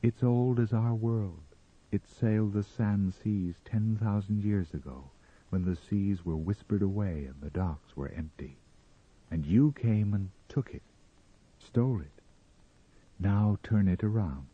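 A man voicing a frail, ghostly young Martian woman who speaks softly and earnestly, on a slightly muffled recording. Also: lowish voice, unhurried, slightly rough. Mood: calm pleading. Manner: soft, gentle and earnest.

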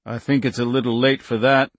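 A man doing a soft, calm menacing agent. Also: medium pitch, brisk, dry recording, close to an everyday voice. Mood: calm menace.

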